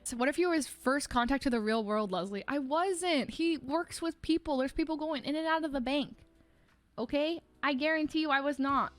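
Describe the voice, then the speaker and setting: High-voiced young woman rambling casually. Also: moderate pace, no echo, soft background music. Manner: rambling storytelling full of "like", with laughter. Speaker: livestreamer. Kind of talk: casual chat.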